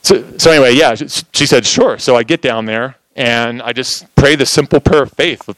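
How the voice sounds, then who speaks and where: A man preaching in a casual sermon, telling a testimony in an animated, storytelling way, with lots of "like" fillers. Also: mid-range voice, moderate pace, no echo, poor audio.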